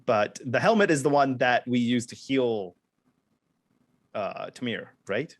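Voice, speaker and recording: A man taking part as a player in a tabletop game, speaking in a halting, unsure way. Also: mid-range voice, animated, no echo.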